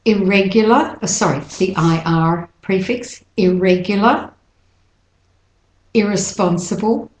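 A woman teaching pronunciation, repeating words slowly and stretching the syllables. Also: medium pitch, darkish tone, echoey room, rough recording. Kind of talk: slow, deliberate pronunciation lesson.

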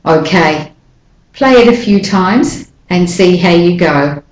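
A woman teaching pronunciation, patiently explaining and slowing down to model example sentences. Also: lowish voice, lively intonation. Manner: patient, slows down to model sounds. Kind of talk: explanatory lesson with read-aloud examples. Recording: roomy echo.

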